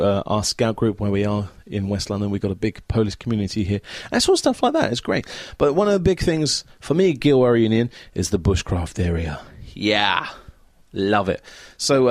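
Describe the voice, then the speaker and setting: A man's voice: lowish voice, no room sound. A man hosting a casual solo podcast from his home, chatting in a rambling, easily distracted way as a Scout leader. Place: at home by a window.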